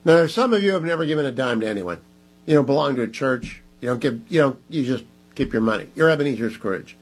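Emphatic husky talk radio host. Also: male voice, medium pitch, a little fast. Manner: emphatic, preachy appeals to listeners.

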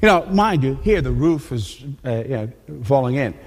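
A man preaching a sermon in a conversational, animated way, often restarting his sentences. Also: mid-range voice, moderate pace, big-room sound. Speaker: pastor. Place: church.

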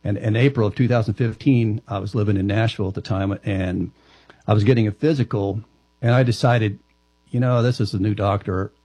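A lower-pitched man speaks as an interview guest, telling a personal story in a halting way that keeps circling back on itself. His voice is husky. The recording is dry and close. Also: steady tone, warm tone, no room sound. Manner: halting, with frequent restarts.

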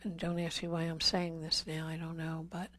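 A woman's voice: low-pitched, completely flat delivery, moderate pace, fairly bright tone. A woman giving an earnest Catholic talk to a congregation, pleading with repeated questions and dropping to whispers on key words. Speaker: speaker at a healing service.

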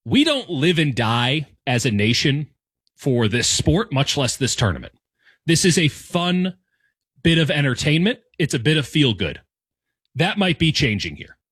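A man's voice: on the high side, sing-song, a little slow, fairly bright tone, husky, no echo. A man in his thirties with an American accent, talking through a candid, wry, self-deprecating opinion monologue in his home room. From United States. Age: 30s. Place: home room decorated with soccer scarves and flags.

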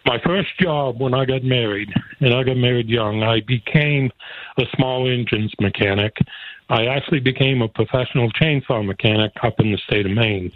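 A man's voice: medium pitch, normal speed, dry recording. A man as a guest telling a folksy personal story, chuckling often as he goes. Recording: tinny phone line, dry.

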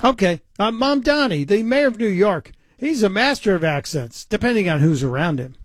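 A man hosts a talk radio show, delivering pointed political commentary. His voice sits a bit high for a man and the sound is dry and close. He is sarcastic and emphatic, slowing down to stress his points. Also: big pitch swings, dry recording. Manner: sarcastic, emphatic, shifts pace often.

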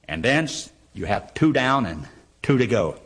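A man's voice: mid-range voice, sing-song, unhurried, a bit bright, husky. A man preaching a sermon, reading scripture aloud and driving his points home with rhetorical questions he answers himself. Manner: reads King James scripture aloud.

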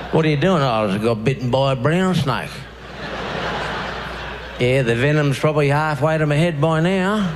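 An Australian man works through a stand-up routine, telling stories in a deadpan way and jumping into quick voices for the people in them. His voice sits a little high for a man. The live recording carries clear background noise. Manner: deadpan storytelling with acted-out voices. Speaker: stand-up comedian.

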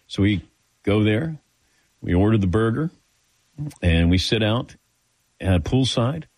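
A man hosting a talk show, telling stories in a casual, animated way and acting out the dialogue. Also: on the low side, no room sound. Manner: animated storyteller, acts out dialogue with laughs. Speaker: radio show host.

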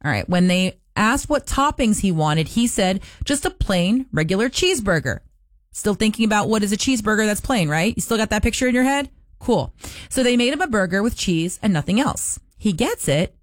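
Woman, radio host, animated, incredulous, dry studio sound. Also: mid-range voice, brisk, no room sound. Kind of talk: casual radio talk segment.

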